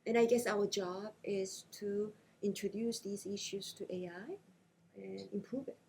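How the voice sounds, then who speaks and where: Animated woman academic in conversation. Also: mid-range voice, vocal fry, poor audio. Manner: animated, quick bursts with frequent hesitations. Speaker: invited lecturer being interviewed. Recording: faint background noise.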